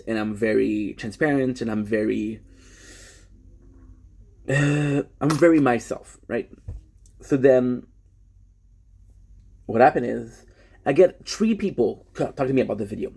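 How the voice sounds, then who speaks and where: Young man, live streamer, gravelly, husky, rambling confessional monologue, self-correcting. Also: medium pitch, mellow.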